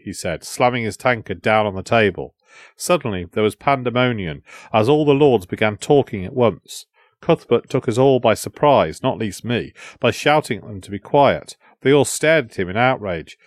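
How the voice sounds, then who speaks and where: A man narrates a historical adventure at a measured, steady pace. His voice sits at a middling pitch. The sound is dry and close, with no room around it. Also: no room sound. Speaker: audiobook narrator. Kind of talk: storytelling narration.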